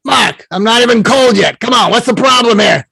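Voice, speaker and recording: A man's voice: very high voice, moderate pace, gravelly, crowd noise, pitched above the performer's own voice. A man putting on a Brooklyn accent to voice an impatient, grumbling older male ghost mentor. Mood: exasperated. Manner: grumbling, exasperated.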